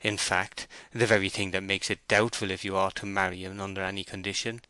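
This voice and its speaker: A man voicing a plain-spoken, steady farm bailiff in an audiobook, speaking slowly and gravely in a homely way. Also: low-pitched, dry recording. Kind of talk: audiobook character voice.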